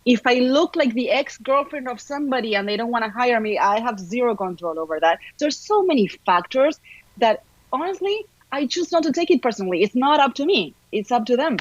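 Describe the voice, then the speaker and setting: Woman, Argentine Spanish accent, animated, chatty, dry close sound, dull lo-fi recording. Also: on the high side, a little fast, dry recording. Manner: upbeat, animated, talkative. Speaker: actor, podcast guest. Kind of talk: casual interview chat.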